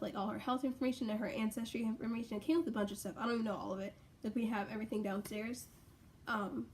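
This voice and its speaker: A young woman rambling casually in a home vlog, full of fillers and excited asides. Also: mid-range voice, slight background noise. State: out of breath. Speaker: vlogger. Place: bedroom at home.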